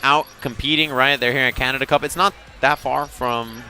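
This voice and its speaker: A man commentating a live fighting game tournament, joking and excitable. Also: medium pitch, moderate pace. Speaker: esports commentator.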